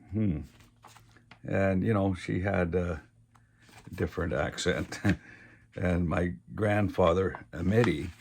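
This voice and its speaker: An older man telling family stories in a rambling, folksy way, with lots of pauses and fillers. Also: low voice, vocal fry, slightly rough. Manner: rambling and folksy, full of "uh" and "you know". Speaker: family storyteller. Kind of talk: casual personal storytelling.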